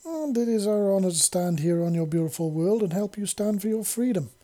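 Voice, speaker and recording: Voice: mid-range voice, animated, fairly quick, mellow, voice pushed up, natural voice. A narrator voicing a proud male alien warrior who speaks in a ceremonious, formal way.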